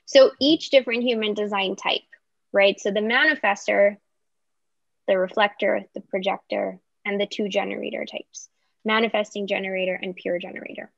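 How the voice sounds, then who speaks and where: A woman speaking as a podcast guest, explaining in an animated way and acting out example voices. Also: mid-range voice, gravelly, dry recording. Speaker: guest coach. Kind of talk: podcast interview. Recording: slightly muffled, dry sound.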